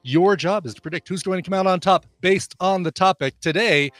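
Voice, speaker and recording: A man co-hosting a casual podcast game show, explaining rules in a quick, joking way. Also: sits high, fairly bright tone, no echo, faint music behind. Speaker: co-host.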